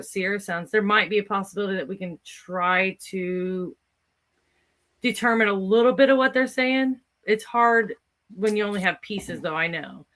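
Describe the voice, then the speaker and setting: A woman with a bright, forward tone co-hosts an interview. She poses curious questions slowly, pausing and filling gaps as she searches for words. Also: mid-range voice. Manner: curious, halting questions with fillers.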